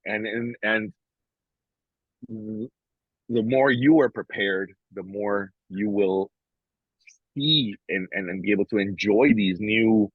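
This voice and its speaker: A man's voice: on the low side, slow, pauses often, slightly rough, no echo, narrow, tinny audio. A man co-hosting a casual podcast, speaking frankly and reflectively, swearing freely and often restarting his sentences. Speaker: podcast co-host.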